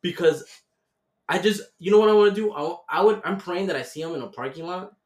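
A young man hosting a casual podcast chat, telling animated stories full of swearing. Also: high voice, fast. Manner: animated storytelling with heavy swearing. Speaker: podcast host. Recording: roomy echo.

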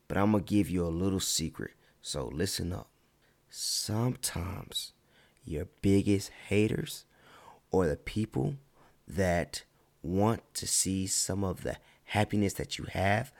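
Animated low-voiced man giving life advice. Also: creaky. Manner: animated, drawn-out emphatic words, mock-quoting critics. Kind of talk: casual motivational talk.

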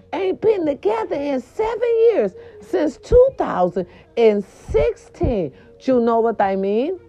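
A woman dishes celebrity gossip in a loud, profane, animated monologue. Her fairly high voice leaps all over in pitch, and her tone stays mellow. The recording sounds dull and lo-fi. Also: gravelly, slightly rough. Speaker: gossip show host.

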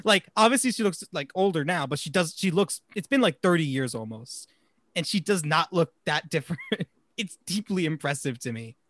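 A man's voice: a little high, expressive, moderate pace, a bit bright, dry recording. A man hosting a casual podcast about films, rambling and stumbling over his words and laughing often. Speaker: podcast host.

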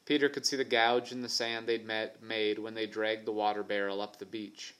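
A man narrating an adventure novel for an audiobook in a steady, even storytelling manner. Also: lowish voice, normal speed. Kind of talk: scripted narration.

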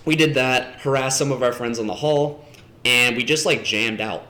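A man's voice: medium pitch, moderate pace, bright, forceful tone. A young man chatting as a podcast guest, telling rambling laid-back stories full of fillers. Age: young adult. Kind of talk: casual chat. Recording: echoey room.

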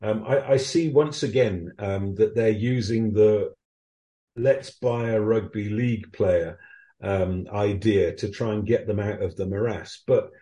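Mellow-voiced man recalling rugby moments. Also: lowish voice, measured pace, echoey room. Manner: reflective, anecdotal, many ums and restarts. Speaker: rugby correspondent. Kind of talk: podcast interview answers.

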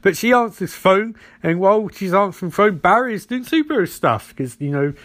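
A man's voice: high voice, lively intonation, brisk, fairly bright tone, no echo. A man giving a sarcastic comedic recap of a TV episode, slipping into silly voices.

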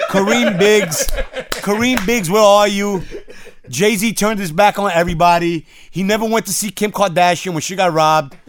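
Loud animated New man ranting. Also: sits high. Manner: loud, animated, swearing, street slang. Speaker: host. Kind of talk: casual profane rant.

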